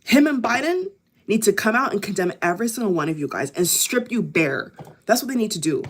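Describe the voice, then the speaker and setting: A woman's voice: medium pitch, animated, a little fast, a little hiss or hum. A woman from the United States vlogging an angry political rant to camera, hammering the same phrases again and again. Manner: heated, repeats phrases over and over.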